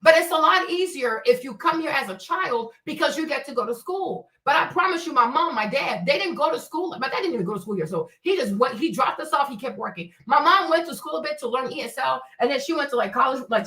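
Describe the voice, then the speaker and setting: A young woman from Africa hosting her own stream, ranting emphatically with profanity and rapid rhetorical questions. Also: high-pitched, lively intonation, bright, forceful tone, recorded from a distance. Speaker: streamer host. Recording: roomy echo, off-mic.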